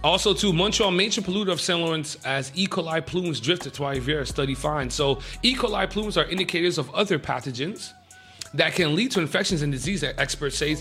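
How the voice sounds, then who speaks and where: A man hosting a radio show, reading the news in a casual, excitable way with jokey asides. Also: fairly high pitch, a little fast, faint music behind.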